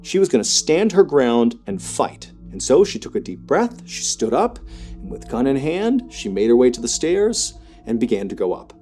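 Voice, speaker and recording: A man narrating a true horror story in a conversational way, with frequent filler words and a voice that rises sharply in tense moments. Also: very animated. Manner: quick, conversational, frequent filler "you know"; climbs high and loud in tense action. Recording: faint music behind.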